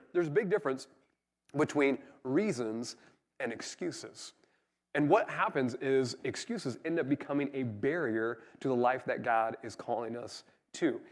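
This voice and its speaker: A man preaching a conversational sermon, acting out people's excuses in little voices. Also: fairly high pitch. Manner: conversational, animated, acts out quoted excuses. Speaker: pastor.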